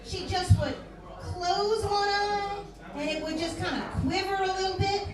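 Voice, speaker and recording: A woman's voice: extremely high pitch, fairly even intonation, a little slow. A woman in her fifties from Philadelphia doing a brash, salty stand-up set in a bar. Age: 50s. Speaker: stand-up comedian. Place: bar with live audience. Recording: echoey room from far off, crowd.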